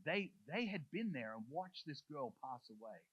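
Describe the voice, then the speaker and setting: Bright-voiced male pastor preaching. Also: fairly high pitch, sing-song, normal speed, few pauses, slightly rough, no room sound, poor audio. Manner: conversational, uses "like" often. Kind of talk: sermon. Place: church.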